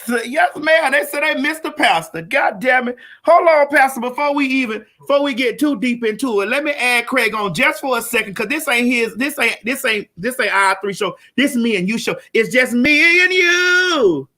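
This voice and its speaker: A woman hosting a live virtual show, loud and brash, cussing freely and hyping her audience. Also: on the high side, fairly quick, hardly any pauses. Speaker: show host. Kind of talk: profane live-stream chat. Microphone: video call.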